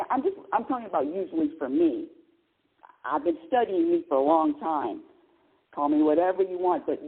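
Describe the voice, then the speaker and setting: Lively 60s lady radio host rambling through a story, husky voice, sounds like it's coming through a phone. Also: fairly low pitch. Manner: animated storytelling with laughs and exclamations. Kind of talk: casual spiritual talk radio monologue. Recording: tinny phone-line sound.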